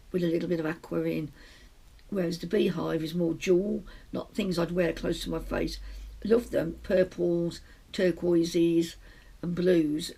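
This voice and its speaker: A gravelly, husky-voiced British woman chats her way through a crafting update, rambling and stopping to restart her sentences. She talks from a small shut room at home. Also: on the low side, darkish tone. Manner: rambling, chatty, self-interrupting. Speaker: podcast host. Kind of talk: casual knitting podcast chat.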